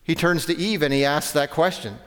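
A man's voice: a little high, a little fast, fairly bright tone, clear, resonant tone. A man preaching a sermon, conversational, with self-corrections and rhetorical questions. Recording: long hall reverb.

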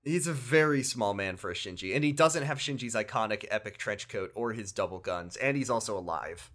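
Animated man recapping a game. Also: on the low side, brisk. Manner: animated, laughs often, acts out quotes. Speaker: podcast co-host. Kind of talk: casual chat recapping a video game.

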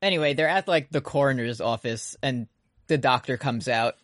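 A man in a casual recap chat, retelling scenes with lots of laughter and quick put-on character voices. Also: medium pitch, a bit bright, no room sound, studio quality. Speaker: podcast co-host.

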